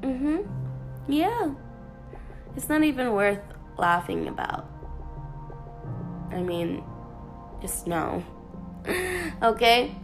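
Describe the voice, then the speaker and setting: A woman talking casually to her viewers in an anime review, chatty and animated, with playful asides. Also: a little high.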